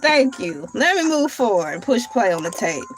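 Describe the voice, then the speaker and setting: Woman commentator, high voice, sassy and teasing, light music underneath. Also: normal speed. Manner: sassy, animated, teasing with exaggerated questions. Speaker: podcast reaction commentator. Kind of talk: casual reaction commentary.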